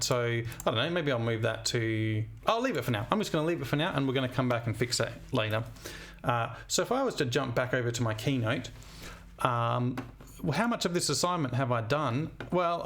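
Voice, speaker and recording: A man who teaches music scats melodies and thinks aloud during a screen-recorded composition demo. His voice is of medium pitch, and there is a little hiss or hum.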